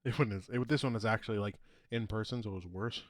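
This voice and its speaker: A man's voice: on the low side, fast, dry recording. Male podcast co-host, casual rambling storyteller, laughs through his own stories, dry close sound. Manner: rambling storyteller, laughs often, trails off mid-sentence. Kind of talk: casual chat.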